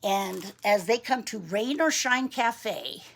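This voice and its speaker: A woman reading a picture book aloud to young children, gentle and chatty, asking them questions. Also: mid-range voice, lively intonation, slow pace, creaky. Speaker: storybook reader for young children.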